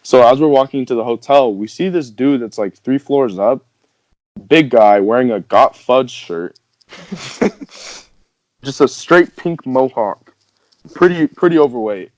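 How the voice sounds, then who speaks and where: A man's voice: medium pitch, expressive, unhurried, long pauses, darkish tone, dry recording. A young man telling a story casually on a podcast, rambling with many fillers and laughing as he goes. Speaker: podcast host. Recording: dull, dry podcast audio.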